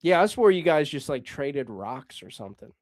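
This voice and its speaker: An American man co-hosts a podcast in a fairly high, sing-song voice. He jokes around in crude, casual banter with a drawn-out delivery.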